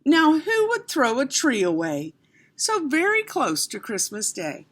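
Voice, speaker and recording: Lady reading a kids' picture book, slow and singsong, chatty asides. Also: sits high. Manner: expressive, with chatty asides to young listeners. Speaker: storyteller. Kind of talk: children's picture-book read-aloud.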